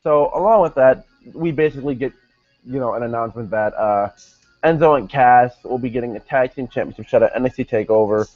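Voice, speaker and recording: A young man talks through a wrestling episode in a loose, rambling way, full of fillers and restarts. His mid-pitched voice comes through dull and lo-fi, and faint music plays behind him. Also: brisk, no echo. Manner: rambling, many fillers and self-corrections. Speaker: wrestling show reviewer. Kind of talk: casual video review.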